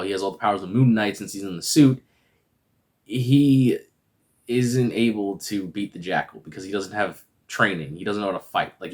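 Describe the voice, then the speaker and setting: A man's voice: lowish voice, fairly bright tone. A man giving a casual, rambling review that recaps a TV episode and is full of fillers. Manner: rambling, filler-heavy retelling. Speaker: video reviewer.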